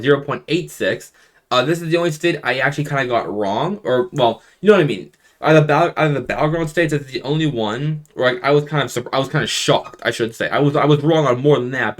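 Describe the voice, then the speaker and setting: Rambling man talking through election maps. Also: mid-range voice. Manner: rambling, restarts sentences, animated emphasis. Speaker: political commentator. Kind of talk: casual election map analysis.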